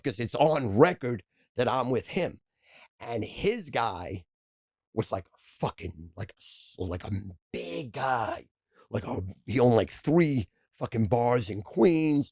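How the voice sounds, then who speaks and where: A man's voice: medium pitch, a little mellow, no echo. A man, a podcast guest telling profane, brash stories in casual chat. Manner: brash, profane, rapid storyteller.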